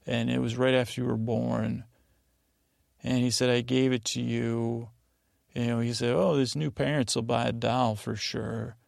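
Gravelly man rambling a bedtime recap. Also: medium pitch, no echo, studio quality. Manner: meandering, digressive, with many fillers and self-corrections. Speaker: podcast host.

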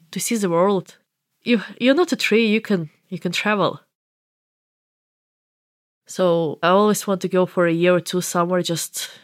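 A woman's voice: lowish voice, no room sound, studio quality. Ukrainian-accented woman telling her story. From eastern Ukraine. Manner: earnest, lively, non-native English grammar. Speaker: interviewee. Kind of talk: personal storytelling.

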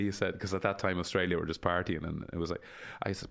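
A man's voice: sits low, fairly even intonation, fairly quick, gravelly, fairly bright tone. A man in his forties, talking emphatically as an interview guest, repeating himself and swearing freely. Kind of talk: casual conversational interview.

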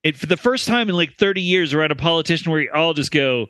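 A man co-hosting a comedy podcast, making wry, quick quips. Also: on the high side, lively intonation, sharp tone, no echo. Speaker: podcast co-host. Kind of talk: casual comedic chat.

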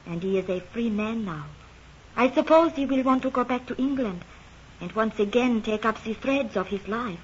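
A woman's voice: a little high, animated, normal speed, lightly acted. Actress as a composed, well-bred lady; old radio play, lo-fi recording, faint hiss. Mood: probing. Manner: genteel, probing, composed. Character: refined young English lady Antoinette. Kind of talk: old radio drama acting.

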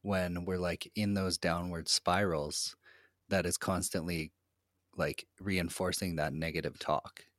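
Very low-voiced podcast host thinking aloud. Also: fairly even intonation, measured pace, no echo, studio quality. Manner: searching, thinks aloud while asking. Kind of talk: podcast interview.

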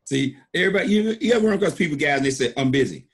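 A man's voice: on the high side, expressive, rapid-fire, slightly rough. A middle-aged man, a network marketing leader, giving an emphatic motivational talk and acting out stories with repeated phrases. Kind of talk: motivational storytelling.

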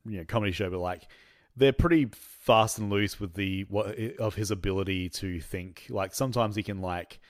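A man's voice: on the low side, moderate pace, no room sound, clean studio sound. A man co-hosting a podcast in casual chat, laughing often and filling with "like" and "um". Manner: laughing often, many fillers. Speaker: podcast co-host.

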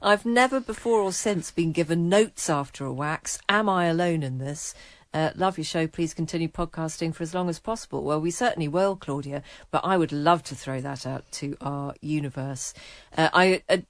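Low-voiced woman podcast co-host. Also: normal speed, no room sound. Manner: warm teasing banter. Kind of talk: casual chat, reading listener emails.

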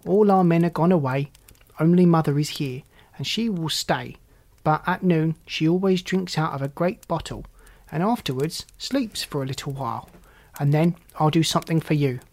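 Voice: mid-range voice, normal speed, a little mellow, close to an everyday voice. A fierce little robber girl who gives orders bluntly, as a storyteller reads her part. The voice stays close to the reader's own, and the speech is commanding and plain. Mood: bossy. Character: young robber girl, wild and bossy.

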